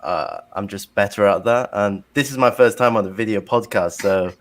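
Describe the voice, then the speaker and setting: A man's voice: lowish voice, moderate pace. A British man as a podcast guest, modest and a little nervous, hesitating with fillers. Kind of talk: casual chat.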